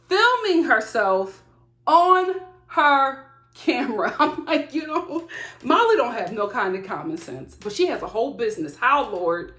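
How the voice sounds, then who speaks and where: Talking to the camera from a room at home, a woman reviews a reality TV show in casual commentary, animated and exclaiming in disbelief. Her voice sits high and her delivery is unhurried, with a roomy echo in the recording.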